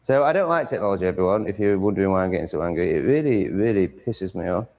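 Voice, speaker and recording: A man's voice: sits low, lively intonation, quick pace, a little mellow. A man vlogging at home, swearing a lot as he rants in a casual, exasperated monologue. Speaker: vlogger setting up a live stream.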